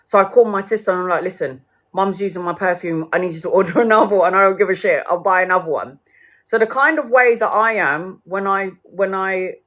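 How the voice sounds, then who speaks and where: A woman's voice: medium pitch, fairly bright tone. A woman, ranting casually to her viewers, swearing freely and laughing often as she acts out what others said. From United Kingdom. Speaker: tarot livestreamer.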